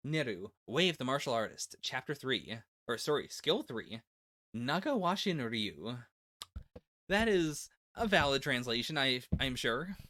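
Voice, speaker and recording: Lively rambly guy doing a manga reaction stream, dry close sound, pitch jumping around a lot. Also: a little slow, dry recording. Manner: rambling and chatty, lots of "like" and laughs. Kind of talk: casual live manga reaction. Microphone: laptop setup.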